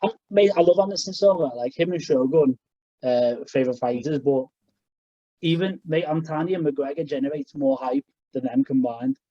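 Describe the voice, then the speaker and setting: A man's voice: fairly high pitch, normal speed, warm tone, dry recording, dull audio. A young man co-hosting a podcast, chatting casually and rambling with restarts. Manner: rambling, full of fillers and restarts. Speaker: podcast co-host. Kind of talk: casual chat.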